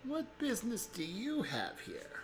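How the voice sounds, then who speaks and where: A man's voice: high voice, wildly swooping pitch, unhurried, faint music behind, voice pushed up, full character voice. A man voicing a suspicious, haughty old woman who builds constructs, in a tabletop game. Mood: cold. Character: old female human construct maker, prickly.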